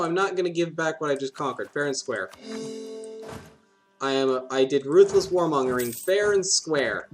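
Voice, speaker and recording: A man giving rambling, playful commentary while playing a strategy game, talking to himself and laughing at his own jokes. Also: fairly high pitch. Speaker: gaming video host.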